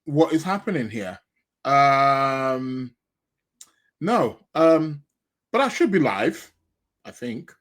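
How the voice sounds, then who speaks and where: A man's voice: mid-range voice, sing-song, slow, pauses often, a bit bright. A man hosting a live astrology podcast, chatting casually with many fillers and restarts while eating. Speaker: podcast host. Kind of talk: casual live-stream chat.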